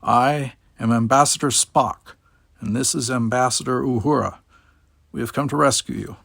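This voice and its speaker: A man voicing a calm, logical alien officer who speaks formally. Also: medium pitch, moderate pace, creaky, no room sound, studio quality.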